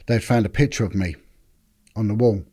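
Man, low voice, mellow tone, podcast storytelling, repeats words. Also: normal speed, breathy edge. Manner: animated, repeats words, acts out quotes. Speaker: former detective guest.

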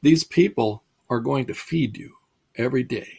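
Man doing a gentle old-tale friar: soft, pleading, a bit gravelly. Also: mid-range voice, normal speed. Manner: soft, coaxing, affectionate pleading. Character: gentle, kindly medieval friar, a grown man.

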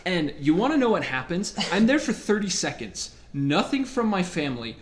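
A young man co-hosting a podcast, telling a story in casual, animated chat and laughing as he goes. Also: sits high, moderate pace. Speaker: podcast co-host.

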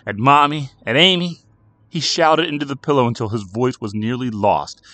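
A man reads a horror story aloud in a low voice. His delivery swings widely in pitch, dramatic and expressive. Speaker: narrator. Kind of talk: scripted horror story narration.

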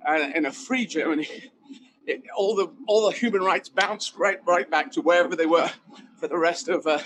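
A man, a comedian, talking in an animated, emphatic way with rambling asides during an interview, apparently while out running. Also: on the high side, normal speed, slight background noise, rough recording. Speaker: guest comedian. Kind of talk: conversational interview.

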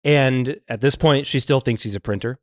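A man's voice: mid-range voice, moderate pace, dry recording, studio quality. A man hosting a podcast, chatting casually about a film, acting out lines and laughing often. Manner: animated, acts out movie lines, laughs often. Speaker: podcast host.

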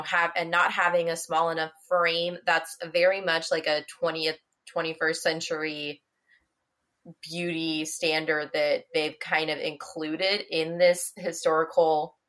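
A young woman co-hosting a podcast in casual chat, talkative and quick to laugh, with playful mock quotes. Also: low voice, a bit bright. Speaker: podcast co-host.

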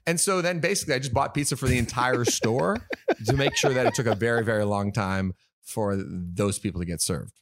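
A man's voice: mid-range voice, fairly quick, no echo. A man on a podcast telling a story in casual chat, acting out what people said and swearing as he gets worked up. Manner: animated, acts out quotes, swears, grows loud.

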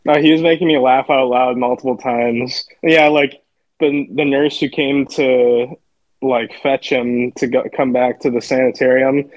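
A man's voice: mid-range voice, fairly even intonation, unhurried, dry recording, muffled recording. A man co-hosting a podcast, chatting casually about a film in a laid-back way and laughing along with his co-host. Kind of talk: casual film review chat.

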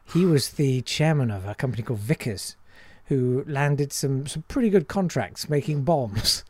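A man's voice: mid-range voice, expressive, normal speed, darkish tone, no room sound. A man, a comedian and impressionist, chatting casually and self-deprecatingly in an interview.

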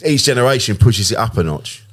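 A man, telling stories in casual chat as a podcast co-host, animated and quick to laugh. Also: lowish voice, slightly rough. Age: 50s. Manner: animated storyteller, swears and laughs freely.

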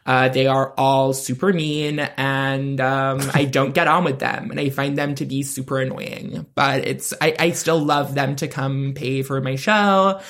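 A man's voice: medium pitch, a little slow, hardly any pauses. A man putting on an American accent. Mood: mock-gushing. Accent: put-on American. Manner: deadpan mock-earnest answers.

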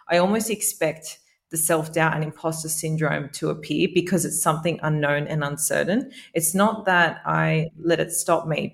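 A woman's voice: low-pitched, vocal fry. A woman hosting a podcast, talking in a thoughtful, rambling way with hesitations. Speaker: podcast host. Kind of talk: casual podcast interview.

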